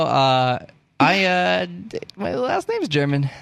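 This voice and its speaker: A man co-hosting a casual comedy podcast, playful and quick to jump into silly bits. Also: sits high, huge pitch swings, gravelly, a bit bright, no echo. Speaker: podcast co-host.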